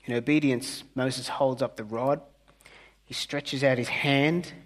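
A male pastor preaching a conversational sermon, earnest, with humorous asides and soft, hushed key words. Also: medium pitch, fairly even intonation, unhurried. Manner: earnest, softening to near-whispers on key words.

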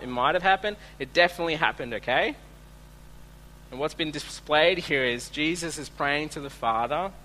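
Bright-voiced man preaching a sermon. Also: on the high side, slight background noise, low-quality recording. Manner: earnest preaching, reads scripture aloud, swings between soft and emphatic. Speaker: pastor.

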